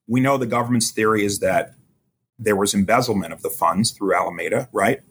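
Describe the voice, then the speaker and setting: Measured man explaining legal procedure. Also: fairly low pitch, a bit bright, slight background noise. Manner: measured, explanatory, quotes court transcripts. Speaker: legal expert guest. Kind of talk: podcast interview analysis.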